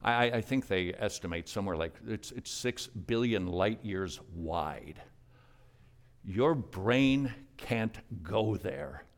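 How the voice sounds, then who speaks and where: A male pastor preaching a sermon, swinging from loud, emphatic lines to hushed, near-whispered ones. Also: lowish voice, lively intonation, slow.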